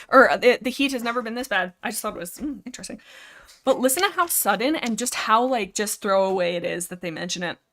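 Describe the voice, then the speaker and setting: Rambling, excitable young woman streamer. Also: on the high side, a little fast. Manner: rambling, excitable, lots of filler likes. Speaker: livestream host. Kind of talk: casual livestream book discussion.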